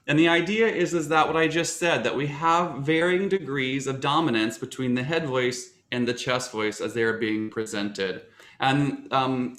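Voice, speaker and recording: Bright-voiced male voice teacher lecturing. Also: medium pitch, roomy sound. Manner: explanatory, with frequent fillers and restarts.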